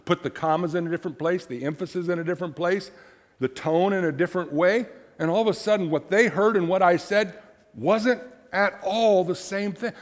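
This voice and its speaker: A middle-aged man preaching a sermon as pastor, animated and repeating words for emphasis. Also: on the high side, moderate pace. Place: church sanctuary. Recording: long church reverb.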